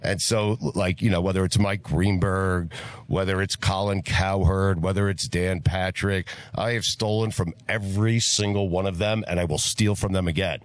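A man's voice: low voice, steady tone, moderate pace, no echo. A man hosting a sports radio show, joking and laughing often with his co-host over a studio mic. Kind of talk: casual radio banter.

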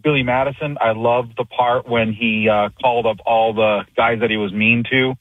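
A man's voice: mid-range voice, steady tone, moderate pace, no echo. A man calling into a radio show, chatty as he retells a favorite scene, heard over a phone line. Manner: chatty fan, laughs while retelling. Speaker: radio caller. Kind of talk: phone-in chat.

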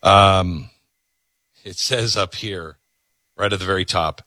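A man's voice: sits low, slow pace, sharp tone, dry recording, studio quality. A man hosting a talk show, ranting and sarcastic, then reading an ad in his own voice. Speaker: radio talk host. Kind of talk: opinionated talk show monologue.

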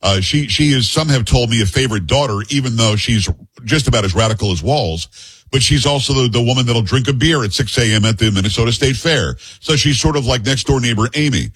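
Male radio host, rasping and quick, dry close mic, pointed interviewer. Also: mid-range voice, expressive, a bit bright, dry recording, poor audio. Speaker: talk show host.

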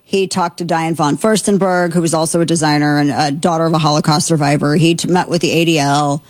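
A woman host with a lowish voice runs through the day's stories in casual commentary. She is chatty and digressive and often restarts her sentences. The sound is dry and close. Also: steady tone, quick pace, no room sound. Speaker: show host.

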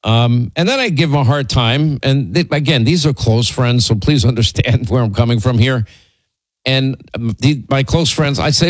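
A man's voice: mid-range voice, normal speed, no room sound. A man hosting a radio talk show, telling stories in a rambling, teasing way with many restarts. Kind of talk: casual on-air storytelling.

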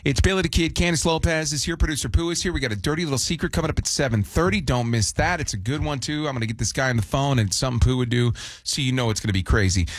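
A man's voice: medium pitch, rapid-fire, few pauses, dry recording. A man hosting a morning radio show, bantering casually, teasing and laughing.

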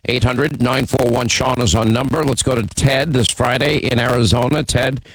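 A man's voice: medium pitch, steady tone, normal speed, slight background noise, low-quality recording. A man hosting a talk radio show, taking calls and chatting in an opinionated, teasing way.

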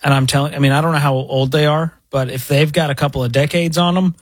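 A man co-hosts a call-in advice show in a slightly higher, husky voice. His delivery is dry and close, and he stays jokey and emphatic. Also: steady tone, quick pace, no echo. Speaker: radio show co-host.

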